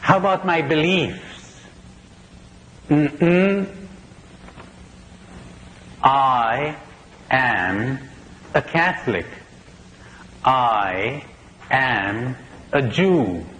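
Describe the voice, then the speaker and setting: A man's voice: medium pitch, expressive, drawn-out words, pauses often, fairly bright tone. A priest giving a spiritual conference talk, asking probing questions and telling jokes he laughs at himself, on an old tape recording. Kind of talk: spiritual lecture to an audience. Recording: old conference tape in a reverberant hall with faint hiss.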